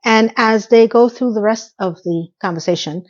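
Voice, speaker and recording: A woman's voice: a little high, normal speed, dull audio. A woman hosting a casual episode recap, chatty and emotional, holding back tears as she retells scenes at home. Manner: chatty, with fillers and self-interruptions. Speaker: recap podcast host.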